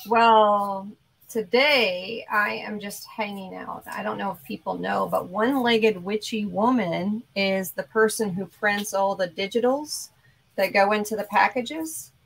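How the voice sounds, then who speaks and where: A woman hosting a casual chat, talking in a relaxed way and reading out viewer comments. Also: mid-range voice, a little slow, creaky, low-quality recording. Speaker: host.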